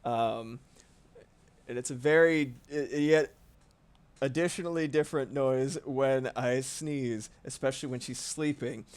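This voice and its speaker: A man's voice: mid-range voice, unhurried, clear, resonant tone. Rambling, laid-back male streamer. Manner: rambling, swears casually, laughs often. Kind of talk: casual livestream chat while drawing.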